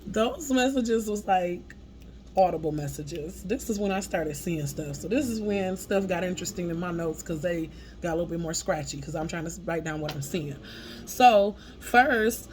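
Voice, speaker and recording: A woman's voice: on the low side, darkish tone, slight background noise. Casual laughing woman medium reading messages. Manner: informal, frequent laughter, swears casually, talks through her notes. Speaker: spiritual medium sharing channeled messages.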